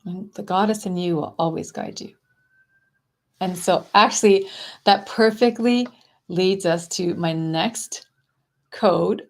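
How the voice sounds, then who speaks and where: A woman coaching viewers on a casual live stream, talking in a soft, dreamy and effusive way. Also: medium pitch, drawn-out words, pauses often. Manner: gushing, affectionate and effusive; soft, dreamy spiritual phrasing.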